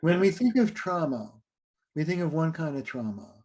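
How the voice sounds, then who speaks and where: A man with a slightly raised, mellow voice talks through relationship advice in an interview. He is animated and acts out quick exchanges between partners as he explains. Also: a little high. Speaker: relationship therapist and author.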